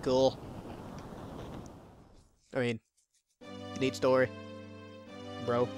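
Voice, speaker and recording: A man's voice: a little high, big pitch swings, moderate pace, soft background music. A young man hosting a let's play, giving casual gameplay commentary full of sarcastic, joking asides.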